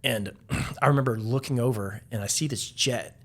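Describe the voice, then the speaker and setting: A man's voice: medium pitch, normal speed, fairly bright tone. A man, a podcast guest, casually telling rambling stories, full of "like" and restarts. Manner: rambling, heavy use of "like". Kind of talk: casual storytelling.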